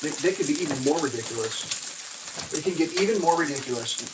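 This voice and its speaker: A woman hosting a casual livestream, ranting sarcastically and swearing while she cooks, jumping into high mocking voices. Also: animated, fast, heavy background noise. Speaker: livestream host. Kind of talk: casual political rant while cooking.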